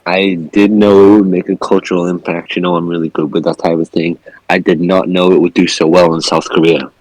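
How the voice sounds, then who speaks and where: A man answering interview questions in a deadpan comedic style, flat and matter-of-fact. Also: sits low, brisk, no room sound, rough recording. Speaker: interview guest.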